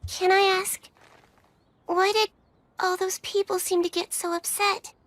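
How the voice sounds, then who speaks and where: A woman's voice: very high voice, little pitch movement, unhurried, a bit bright, no echo. An actress playing a polite, earnest young witch girl who is lost far from home. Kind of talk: anime dub acting.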